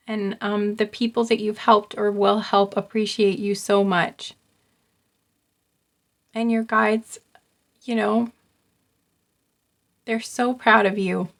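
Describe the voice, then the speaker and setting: Young woman tarot reader, flat even delivery, hesitant and repetitive, gentle encouraging reading. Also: mid-range voice, gravelly. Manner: soft, halting, repeats herself, many ums. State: getting choked up. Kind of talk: intuitive pick-a-card reading.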